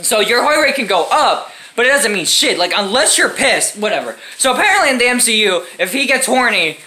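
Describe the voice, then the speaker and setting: A woman vlogger rants in a casual, comic ramble, cursing freely and breaking into laughter as she goes. Her voice sits fairly high and bright, with a lively, swooping pitch. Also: fairly quick. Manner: profane, rambling, laughs often. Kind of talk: casual comedic rant.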